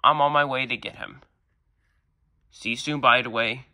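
A man's voice: mid-range voice, steady tone, normal speed, sharp tone. A man voicing a stern cartoon father who scolds and lectures his son.

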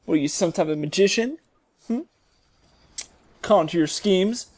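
An excitable gamer narrates a shooter match with jokey commentary. The voice sits mid-pitch but jumps sharply upward when yelling at other players, and the delivery swings between quick mutters and loud outbursts. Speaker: gaming commentator. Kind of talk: gameplay commentary.

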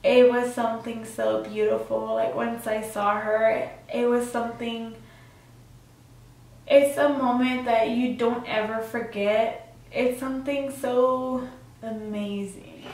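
A woman's voice: fairly high pitch, level tone, slow, darkish tone, distant mic. Chatty young woman in echoey room. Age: young adult. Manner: chatty, many fillers, acts out quotes. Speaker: vlogger. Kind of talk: personal story vlog.

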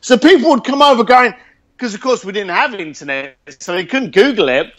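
Guy with a pretty high voice chatting away, blunt and animated, drops the odd swear. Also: fairly quick. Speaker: interview guest. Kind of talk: casual storytelling.

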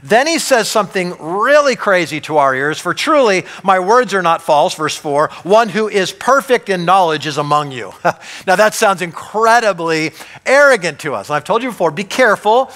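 A man with a fairly high voice preaches a sermon in a church. He keeps a conversational tone, pausing often to check that his listeners follow. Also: expressive, fairly bright tone. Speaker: pastor.

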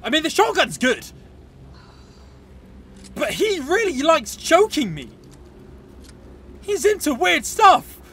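A man giving excitable, joking let's play commentary, often shouting and swearing at the game. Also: very high-pitched, slow pace, long pauses, slight background noise. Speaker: gaming channel host.

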